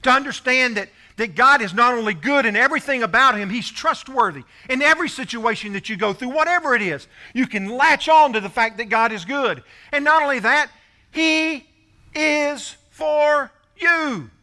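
A man preaching from the pulpit, his voice pitched high and strikingly bright. He hammers home short repeated phrases with rising force. Between points he drops low and soft to talk straight to the congregation. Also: expressive, fairly quick, few pauses. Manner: emphatic preaching with rising, punchy repetitions. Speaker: pastor. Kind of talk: sermon.

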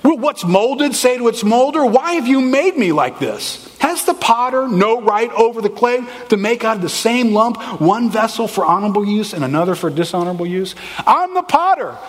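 A man's voice: extremely high pitch, big pitch swings, moderate pace, long reverb tail, voice pushed up. A man voicing God as an indignant creator scolding his creations, with an exasperated, emphatic delivery.

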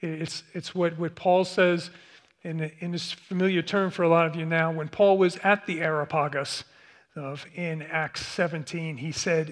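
A man preaching a sermon, speaking slowly and haltingly with many restarts. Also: a little high, steady tone, a bit bright. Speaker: pastor.

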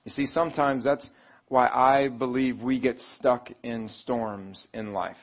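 A man's voice: fairly even intonation, measured pace, lo-fi sound. A male pastor preaching a sermon in a conversational way, asking the congregation questions and acting out pleading voices. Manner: conversational, asks the audience questions; acts out pleading voices with rising pitch.

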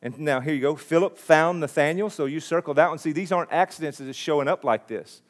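A man's voice: fairly high pitch, fast. A man preaching a sermon in an earnest, conversational way, often restarting his phrases. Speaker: pastor.

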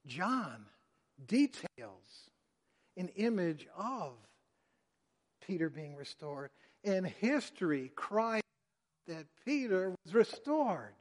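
Male pastor, fairly high-pitched, dramatic sermon delivery in an echoing hall. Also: very animated, slow pace, pauses often. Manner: dramatic, acting out quotes with sharp swings in loudness. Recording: long hall reverb.

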